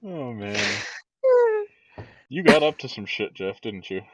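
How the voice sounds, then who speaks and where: A man's voice: medium pitch, expressive, measured pace, slightly rough, dry recording, poor audio. A man co-hosting a podcast, reacting to a story with short, amused remarks. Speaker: podcast co-host. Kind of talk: casual chat.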